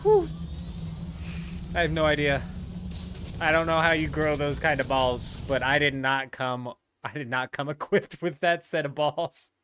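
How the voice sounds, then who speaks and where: A young adult man streaming a game from home, telling stories in a relaxed, animated way, swearing and calling his viewers "bro" and "dude". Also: on the high side, moderate pace, smooth, no echo. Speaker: gaming livestreamer. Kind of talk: casual live-stream chat.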